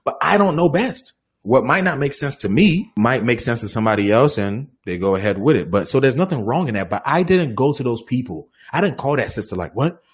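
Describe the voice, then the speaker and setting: A male minister giving casual, animated advice in a question-and-answer talk, often acting out the people he quotes and laughing. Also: medium pitch, fairly quick, slightly rough.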